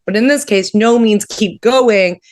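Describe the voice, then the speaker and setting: A woman's voice: medium pitch, measured pace. A woman comedian from Canada in casual comedic chat, candid and laughing, with lots of fillers. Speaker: comedian guest.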